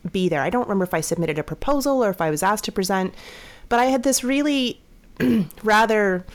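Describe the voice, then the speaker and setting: A woman's voice: mid-range voice, clear, resonant tone. A Canadian woman talking as a podcast guest in a friendly, self-deprecating way. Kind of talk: casual interview.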